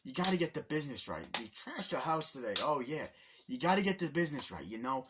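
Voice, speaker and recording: A man's voice: a little high, very animated, fast, noisy background, pitched above the performer's own voice. A man putting on the voice of a stern middle-aged father who nags his son. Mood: scolding. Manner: stern, nagging.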